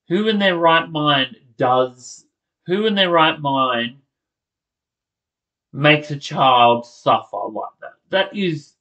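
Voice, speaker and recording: A man's voice: fairly high pitch, bright, forceful tone, low-quality recording. A man angrily reacting to a video, swearing and cutting off his own words as he rants. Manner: furious, swearing, blurting, restarting words. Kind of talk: angry reaction rant.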